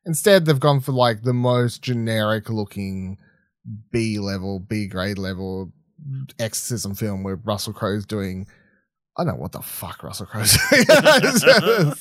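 A man's voice: on the low side, expressive, measured pace, a bit bright, no room sound, clean studio sound. A man co-hosting a film podcast, talking bluntly and animatedly and swearing freely. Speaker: podcast co-host. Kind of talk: casual film chat.

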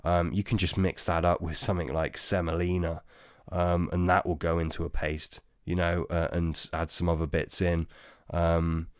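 A man with a very low voice talks through listener questions in a relaxed, rambling way, full of ums and restarts. The sound is dry and close, with almost no room. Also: normal speed, few pauses, smooth, no echo. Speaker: podcast host. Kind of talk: casual chat answering listener questions.

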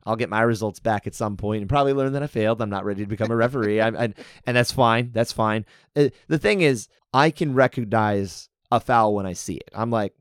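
A man's voice: lowish voice, a little fast, few pauses, smooth, no echo, clean studio sound. A man co-hosting a podcast in casual chat, talking things through and acting out little scenarios. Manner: chatty, restarts sentences, acts out scenarios. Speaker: podcast co-host.

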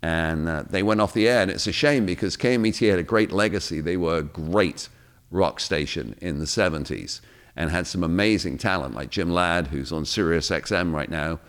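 An English man, a radio DJ guest, telling lively anecdotes in casual chat. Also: low voice, normal speed. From England. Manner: lively storyteller, acts out quotes.

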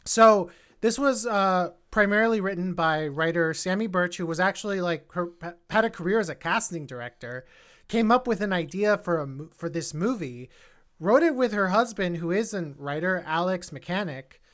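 A woman hosting a casual film podcast, talking animatedly and repeating words when she gets excited. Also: lowish voice, moderate pace. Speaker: podcast host.

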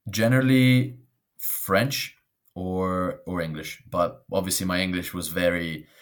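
Deep-voiced Italian-born man telling stories. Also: unhurried. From northern Italy. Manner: storytelling, animated when quoting others. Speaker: guest. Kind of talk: casual interview conversation.

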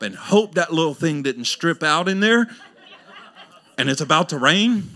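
A middle-aged man preaching a sermon, animated and colloquial, swinging between loud high exclamations and quiet low asides. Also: normal speed. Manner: colloquial, acts out listeners' voices, laughs often. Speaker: pastor. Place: church sanctuary.

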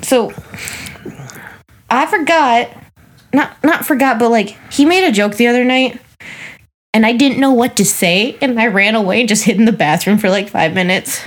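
A woman's voice: fairly high pitch, normal speed, pauses often. A woman co-hosting a podcast, telling stories in casual chat, flustered and giggly. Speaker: podcast co-host.

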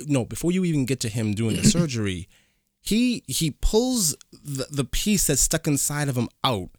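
A man's voice: mid-range voice, normal speed, dry recording, studio quality. Man retelling a movie scene. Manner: retelling scenes in detail, animated. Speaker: movie reviewer. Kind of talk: casual chat.

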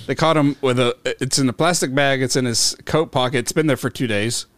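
A man's voice: mid-range voice, brisk, fairly bright tone, no room sound. A man co-hosting a podcast in casual chat, making wry, incredulous remarks with stammered starts. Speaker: podcast co-host.

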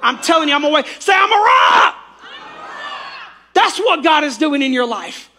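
A man's voice: extremely high pitch, animated, a little fast, sharp tone, some chatter behind, a little hiss or hum. A man preaching a fervent sermon as pastor, calling on the congregation to repeat after him.

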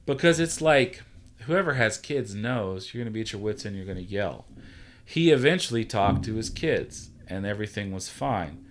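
Earnest, low-voiced podcast host. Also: male voice, expressive, normal speed, slight background noise. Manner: earnest, reassuring, tells stories. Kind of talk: casual chat.

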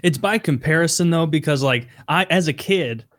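A man's voice: fairly high pitch, normal speed, a bit bright, no room sound, studio quality. A man co-hosting a podcast, chatting casually in a rambling, self-mocking way. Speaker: podcast co-host. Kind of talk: casual chat.

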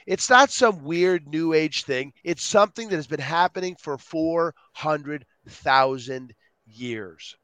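A man on a podcast as a guest, talking with energy and acting out quotes in lively voices. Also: fairly high pitch, takes it slowly, smooth, no echo. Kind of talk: animated interview talk.

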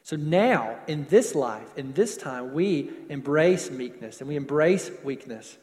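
A man preaching a sermon, stretching words for emphasis and dropping to softer closing lines. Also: medium pitch, lively intonation, big-room sound. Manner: preaching with slowed emphasis and falling soft endings. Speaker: pastor.

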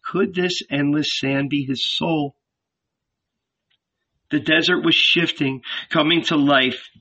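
A man narrating an audiobook in a slow, solemn, dramatic manner, on a dull lo-fi recording. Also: on the high side, fairly even intonation, pushed and bright, slightly rough. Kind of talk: scripted narration.

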